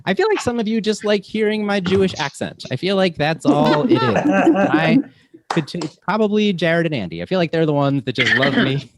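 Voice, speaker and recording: A man's voice: high voice, lively intonation, moderate pace, very noisy. A young adult man hosting a comedy show on a video call, upbeat and chuckling, with plenty of fillers. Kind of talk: stand-up emcee banter.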